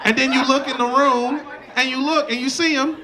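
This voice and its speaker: Male stand-up comic, high-pitched, animated delivery, live club mic with a laughing crowd. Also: moderate pace, noisy background. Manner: loud, animated, swings into mocking voices. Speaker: stand-up comedian. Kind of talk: stand-up comedy set. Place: comedy club stage with live audience.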